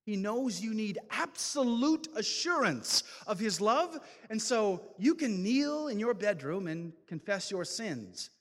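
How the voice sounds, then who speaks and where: A man delivers a fervent testimony, preacher-style, rising to loud calls. His voice sits high and swings widely, and his slow, deliberate delivery carries a long reverb from the large hall. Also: very animated. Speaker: speaker giving a testimony talk. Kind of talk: impassioned testimony talk.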